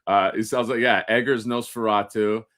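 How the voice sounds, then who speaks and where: A man co-hosting a toy-collector podcast, talking in a halting, rambling way with many fillers. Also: fairly low pitch, fairly even intonation, a bit bright. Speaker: podcast co-host. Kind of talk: casual chat.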